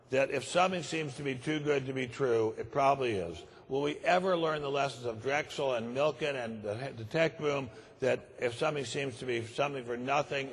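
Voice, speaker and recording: Older guy lecturing a conference, husky voice, grave and emphatic, big echoey hall. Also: medium pitch. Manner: grave, emphatic, repeats words for stress. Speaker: conference speaker. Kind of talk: keynote speech.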